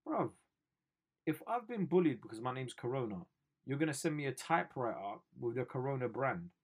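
A young man hosts a comedic news riff, reading out headlines and mocking them in slangy, sarcastic asides. His pitch sits in an ordinary middle range. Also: big pitch swings, fairly quick, slightly rough. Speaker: host.

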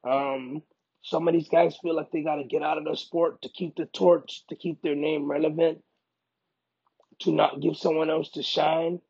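A male fighter speaks in a casual interview, hammering his points home by repeating them. His voice is gravelly and husky, and the recording sounds dull and lo-fi. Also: on the high side, normal speed, no echo. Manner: emphatic, repeats himself, bursts into loud excited quoting. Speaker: UFC fighter being interviewed.

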